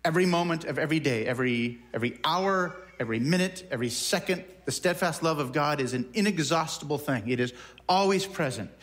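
A man's voice: a little high, animated, brisk, a bit bright. A man preaching a sermon in a conversational way, often repeating words as he works through a thought. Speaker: pastor.

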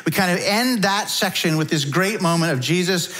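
A middle-aged man preaching a sermon to his church in a relaxed, conversational way, with frequent fillers. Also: sits high, moderate pace, low-quality recording. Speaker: pastor.

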